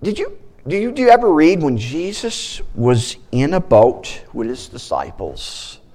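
Brief: male pastor delivering a sermon, animated with playful asides and a wide-ranging voice. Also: on the high side, unhurried.

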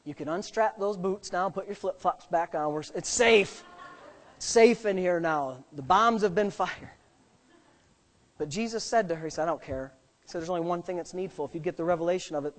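The sermon comes from a middle-aged pastor whose voice moves from quiet, low-pitched asides to loud, fervent shouting.

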